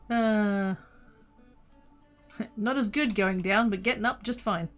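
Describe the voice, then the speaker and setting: A woman streaming a game, chatting casually and muttering to herself as she plays, easily excited. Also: medium pitch. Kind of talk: casual gaming livestream chat.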